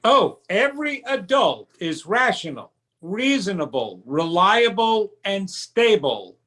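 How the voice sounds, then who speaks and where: Slow, high-voiced man explaining earnestly. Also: big pitch swings, bright, forceful tone. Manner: emphatic, teaching tone, acts out childish voices. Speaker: psychic medium guest. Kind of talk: conversational interview answers.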